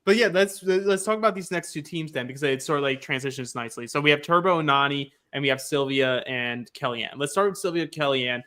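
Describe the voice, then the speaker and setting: Bright-voiced man chatting on a podcast. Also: fairly high pitch, fast, few pauses. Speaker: podcast co-host. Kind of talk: casual podcast chat.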